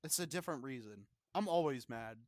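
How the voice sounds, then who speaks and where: A man's voice: medium pitch, expressive, a little fast, dry recording, studio quality. A young man co-hosting a podcast, ranting and swearing in mock-arrogant casual chat. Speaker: podcast co-host.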